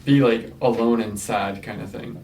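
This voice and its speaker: A man co-hosting a casual English lesson podcast, relaxed and hedging with lots of "like.". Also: fairly low pitch, normal speed, slight background noise. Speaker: co-host.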